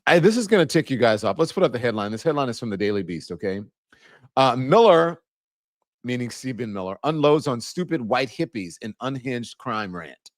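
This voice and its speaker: A man's voice: medium pitch, very animated, fairly quick, dry recording, studio quality. A man hosting a live commentary stream, talking in a rambling, conversational way and growing indignant about the news. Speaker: host. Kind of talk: livestream commentary.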